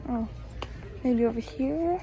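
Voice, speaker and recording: Excitable early-20s girl vlogging on her phone while shopping, kinda high voice, music playing behind. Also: takes it slowly, muffled recording. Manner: excitable, gushing, exclaims often. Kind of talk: casual shopping vlog. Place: inside retail stores. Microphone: handheld phone camera.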